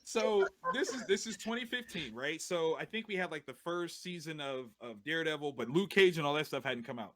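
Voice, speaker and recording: A man guest on a podcast, telling a story in an animated, slangy way and often laughing as he talks. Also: on the high side, brisk, few pauses.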